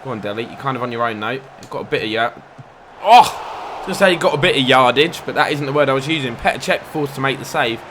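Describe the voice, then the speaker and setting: Brief: young man, gaming commentator, bright forward voice, excitable with sudden outbursts, faint hiss. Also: mid-range voice, quick pace. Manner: excitable, bursts into loud outcries at near misses and fouls. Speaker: gaming YouTuber. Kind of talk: football video game commentary.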